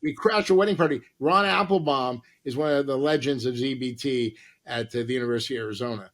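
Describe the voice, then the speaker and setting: A man's voice: mid-range voice, fast, fairly bright tone. A man who is a comedian and actor, a podcast guest telling a long, rambling, profane anecdote full of quoted dialogue.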